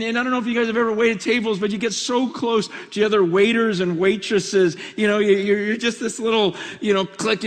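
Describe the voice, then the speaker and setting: A middle-aged man preaching a conference sermon, earnest and pleading, with stammering restarts. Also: high-pitched. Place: large conference hall. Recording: long hall reverb.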